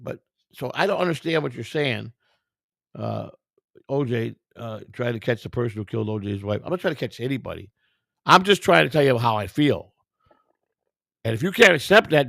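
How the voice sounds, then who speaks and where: A tired man with a mid-range, slightly bright voice and vocal fry hosts a livestream, reading viewer comments aloud and hitting back at them combatively and profanely. The recording is dry with clean studio sound.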